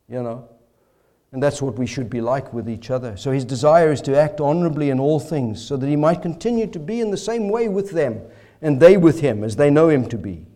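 High-voiced earnest male preacher. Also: mellow. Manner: earnest, emphatic, rhetorical questions. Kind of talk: expository sermon.

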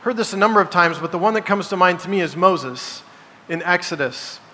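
Speaking a little fast in a high, sharp voice, a man delivers an emphatic sermon as pastor, asking his congregation rhetorical questions. The sanctuary recording has long reverb and faint background noise.

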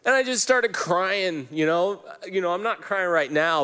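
A man's voice: sits high, moderate pace, hardly any pauses, pushed and bright, smooth. A pastor in his forties preaching a sermon, telling personal stories in an emotional, candid way with many fillers and restarts. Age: 40s.

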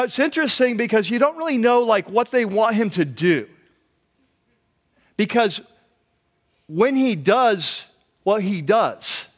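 A man preaching a conversational sermon as a pastor, telling the story in an animated way and acting out the quotes. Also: high-pitched. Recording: long hall reverb.

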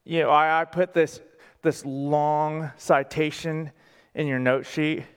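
A man preaching a sermon as pastor, speaking deliberately and with emphasis, asking the congregation questions in a church sanctuary. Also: on the high side, flat delivery, clean tone. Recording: long reverb of a large hall.

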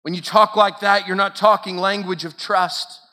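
A man's voice: sits high, fairly even intonation, moderate pace, pushed and bright. A man preaching a sermon as a camp speaker, driving his points home with emphatic, repeated phrases. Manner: emphatic, repetitive preaching cadence. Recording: long hall reverb.

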